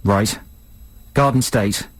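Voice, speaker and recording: A man's voice: lowish voice, slow pace, no room sound. A man hosting a radio show, joking and teasing callers in casual banter. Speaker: radio host.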